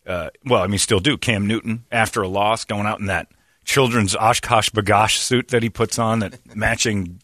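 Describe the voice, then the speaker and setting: A man's voice: fairly low pitch, fairly even intonation, normal speed, a bit bright, no echo. A man hosting a sports talk radio show, rambling and sarcastic as he tells stories on a studio mic. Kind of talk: casual sports radio banter.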